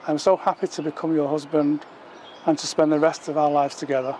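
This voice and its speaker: A groom reading his vows from a page, earnest and steady. His voice sits a little high for a man. A faint wash of outdoor noise sits behind him. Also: a little fast. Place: outdoors in a city park.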